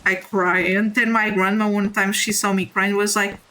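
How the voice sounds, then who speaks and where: A woman with a non-native English accent chatting candidly on a live stream while gaming, halting and apologetic. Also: medium pitch, flat delivery, pushed and bright, low-quality recording.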